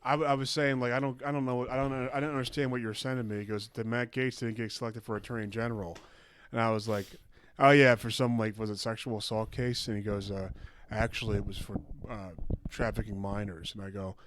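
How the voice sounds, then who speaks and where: A man co-hosting a casual podcast, telling stories in a rambling, halting, deadpan way. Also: lowish voice. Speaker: podcast co-host.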